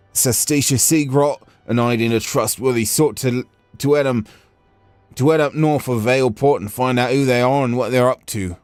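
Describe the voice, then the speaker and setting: A man voicing a brash, gruff middle-aged tavern keeper in a game, with a rough, slangy attempted Cockney accent. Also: mid-range voice, no echo, pitched above the performer's own voice, close to an everyday voice. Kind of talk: reading game dialogue aloud on a stream.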